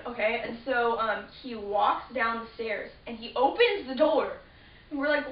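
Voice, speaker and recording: A woman's voice: fairly high pitch, brisk. A teenage girl telling a story to camera in a rambling, casual way, full of fillers and restarts. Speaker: vlogger. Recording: roomy, distant, dull lo-fi with faint hiss.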